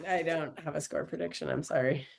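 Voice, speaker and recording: A woman's voice: low-pitched, fairly even intonation, fairly quick, gravelly. A woman co-hosting a casual streamed football chat, ranting in a frustrated, rambling way. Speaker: co-host.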